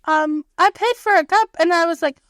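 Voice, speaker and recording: A woman's voice: extremely high pitch, normal speed, a bit bright, dry recording, studio quality. A woman in her thirties co-hosting a podcast, speaking bluntly and jokingly with casual swearing. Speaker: podcast co-host. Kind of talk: casual chat.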